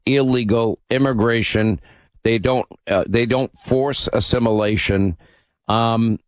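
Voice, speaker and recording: A man's voice: medium pitch, no echo. Emphatic talk radio host, man. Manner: emphatic, opinionated, frequent fillers.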